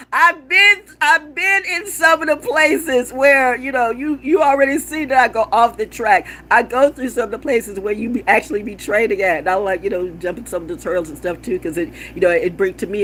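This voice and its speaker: A woman's voice: low-pitched, slight background noise. A woman rambling bluntly and with plenty of swearing in a casual monologue, often repeating words for play. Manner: blunt, profane and wandering. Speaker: vlogger.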